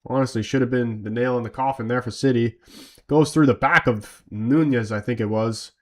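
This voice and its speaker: Sleepy dude doing a footy watchalong, chatting and calling the plays, loose slangy talk. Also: male voice, medium pitch, normal speed. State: tired from little sleep. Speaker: fan watch-along streamer. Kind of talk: casual chat and live play-by-play.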